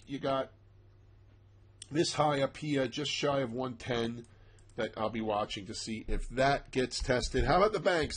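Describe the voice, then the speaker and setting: A man's voice: mid-range voice, slightly rough. A man giving casual, emphatic stock market commentary over charts, with self-mocking asides.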